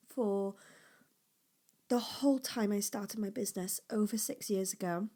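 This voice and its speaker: A woman's voice: mid-range voice, measured pace. Emotional woman podcaster, sometimes whispering. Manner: open, emotional, fillers and restarts, shifts between bright and near-whispered. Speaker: podcast host and small business owner. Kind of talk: casual personal podcast talk. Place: at home.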